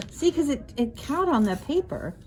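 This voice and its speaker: A woman's voice: high-pitched, big pitch swings, unhurried, darkish tone, slight background noise. A woman explaining a sewing tool in casual chat, hesitant, with fillers. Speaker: sewing tutorial co-host.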